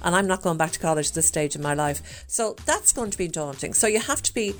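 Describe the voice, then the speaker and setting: Speaking fast and with lots of animation, this fifty-something woman from Ireland has a fairly low voice. She is a health challenge participant, and her casual, cheerful chatter wanders along, packed with filler words.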